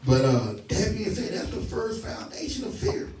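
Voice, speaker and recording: A high-voiced man preaching with emphatic call-and-response, stopping his reader again and again to repeat and question the scripture. He slips into folksy, laughing stories. The voice sits back from the mic in a roomy, echoey space with faint noise underneath. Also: very animated, moderate pace, a little mellow, distant mic. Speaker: teacher leading a scripture study.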